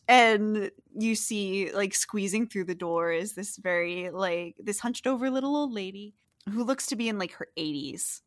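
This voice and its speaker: A woman's voice: medium pitch, unhurried, dry recording. A woman narrating as game master, describing scenes in a playful way with lots of fillers.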